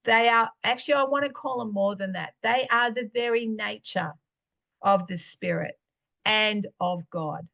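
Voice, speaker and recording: A middle-aged woman, sharing a faith testimony in a chatty, animated storytelling way. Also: mid-range voice, a little slow, vocal fry. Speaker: podcast host.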